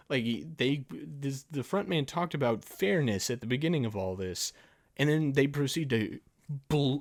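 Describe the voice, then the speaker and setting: A man hosting a solo film and TV review podcast, talking casually and ranting in exasperation, with laughs between points. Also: on the high side. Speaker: podcast host.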